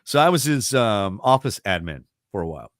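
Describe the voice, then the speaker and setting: A man from the Baltimore area, a radio broadcaster telling stories in a casual interview, chatty and quick to laugh. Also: fairly low pitch, sing-song, no echo, studio quality. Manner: chatty storyteller, laughs often, many restarts.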